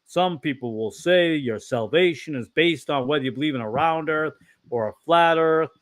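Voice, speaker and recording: A man's voice: a little high, moderate pace. A man hosting an online fellowship talk, preaching in a casual, rambling way, giving blunt opinions and often correcting himself. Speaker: online fellowship discussion host.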